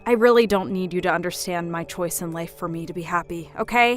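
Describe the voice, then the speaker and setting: A woman's voice: lowish voice, fairly quick, soft background music, natural voice. A woman playing a firm young career woman. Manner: polite but firm, standing her ground.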